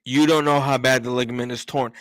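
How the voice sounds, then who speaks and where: A man hosting a sports show, talking loudly and insistently, repeating his points after a few drinks. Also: medium pitch, steady tone, fast talker. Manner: loud, emphatic, repetitive insistence. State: been drinking a little. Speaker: sports podcast host. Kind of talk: heated sports opinion talk.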